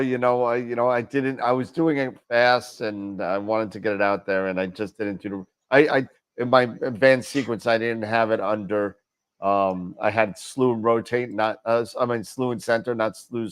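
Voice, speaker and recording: A man's voice: mid-range voice, fairly even intonation, moderate pace, smooth. A man hosting a casual astronomy gear chat, rambling with many restarts and jokes. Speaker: show host, telescope dealer.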